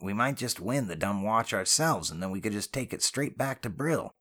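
A nervy, quick-joking young criminal, which a male narrator puts on with a noticeably higher voice than his own low narration. He frets and needles his partner in an audiobook scene, lively and fast on his feet.

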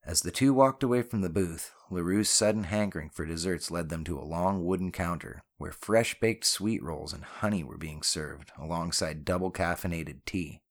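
A man with a very deep voice narrating a novel. His reading is steady and even, with a calm storyteller's pacing. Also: moderate pace, hardly any pauses. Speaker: audiobook narrator. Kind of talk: scripted narration.

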